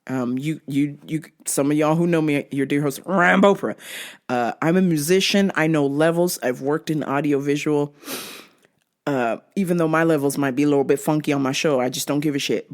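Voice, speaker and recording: A young woman hosting her own show, ranting casually and comically, swearing freely and often breaking into laughter. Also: sits low. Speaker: podcast host. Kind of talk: casual comedic rant.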